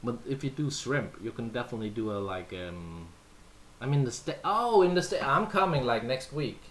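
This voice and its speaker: A man's voice: mid-range voice, animated, moderate pace, fairly bright tone, a little hiss or hum. A Danish man, whose first language is Danish, chatting casually with viewers as a livestream host, playful and full of fillers. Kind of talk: casual chat answering viewers.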